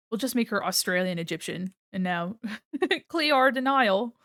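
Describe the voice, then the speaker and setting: Drawing live at her desk mic, a woman streamer comments casually in an animated, slightly bright mid-range voice, a little slow in pace. She's giggly and playful, laughing often with her chat, and the audio is dry and clean like a studio.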